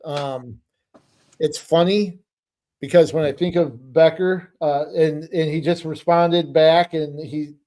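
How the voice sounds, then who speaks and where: A man's voice: on the high side, steady tone, slow pace, mellow. Rambling middle-aged man, podcast co-host. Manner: rambling, hesitant storytelling. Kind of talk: casual podcast chat.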